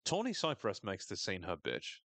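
A man casually recapping a TV episode on a podcast, animated, sweary and wry. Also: deep voice, moderate pace, gravelly, no room sound.

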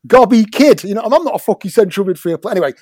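A man's voice: high-pitched, expressive, rapid-fire, dark tone, dry recording, clean studio sound. A middle-aged English man telling a football story in casual chat, swearing often and stumbling over his words. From England. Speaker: guest, former footballer and musician.

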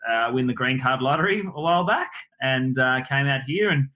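A man's voice: mid-range voice, expressive, moderate pace, pushed and bright, highs cut off. An Australian man, a guest on a podcast, chatting loosely and swearing casually. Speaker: guest, photographer.

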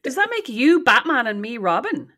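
A woman's voice: on the high side, sing-song, pushed and bright. A woman in her thirties co-hosting a podcast with her sister, dry and teasing in casual chat. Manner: teasing, dry, fast-talking. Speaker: podcast co-host.

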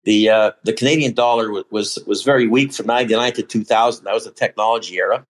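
A man's voice: on the low side, steady tone, fast, low-quality recording. A man speaking as a podcast guest, casually talking through market charts and often restarting and correcting himself mid-sentence.

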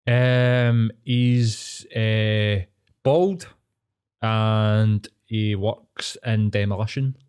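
A man's voice: lowish voice, steady tone, extremely slow, a little mellow, smooth. A young man with a Glaswegian accent, co-hosting a podcast with sweary, joking banter. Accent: Scottish, Glaswegian. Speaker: podcast co-host. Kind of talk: casual chat.

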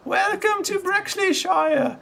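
A man's voice: very high-pitched, takes it slowly, creaky, fairly bright tone, pitched above the performer's own voice, full character voice. A man voicing a small eager boy with a crutch and a cough, in a tabletop game. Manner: eager, coughing, insists he is strong.

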